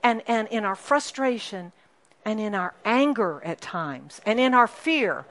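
A woman preaching a sermon to a congregation, animated and emphatic, often asking the listeners questions and repeating key lines. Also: a little high, slow. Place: church congregation.

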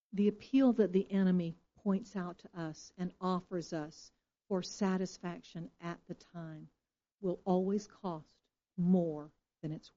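A woman's voice: lowish voice, warm tone. A woman pastor preaching a sermon with emphatic delivery and frequent rhetorical questions. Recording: dull lo-fi recording.

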